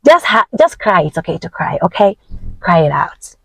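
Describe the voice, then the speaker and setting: An emphatic woman, a Nyanja speaker, coaching her viewers like a self-help preacher. Her voice leaps up and slows right down as she stresses a point. The sound is close and dry, with no room echo. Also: vocal fry, slightly rough. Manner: emphatic and expressive, with big swings in pitch and tempo; preachy, faith-filled encouragement. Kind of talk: motivational vlog talk.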